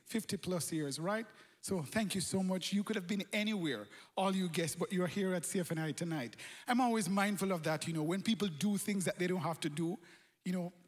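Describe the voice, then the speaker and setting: A Jamaican man hosting a conference in a large auditorium, energetically calling out to the crowd. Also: high voice. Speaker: conference host. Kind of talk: lively crowd warm-up.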